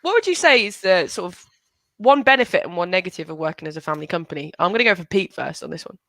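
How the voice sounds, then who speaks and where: A woman's voice: lowish voice, lively intonation, fast, vocal fry, a bit bright, dry recording. A young woman hosting a casual chat, teasing and upbeat. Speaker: host. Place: indoor, video call.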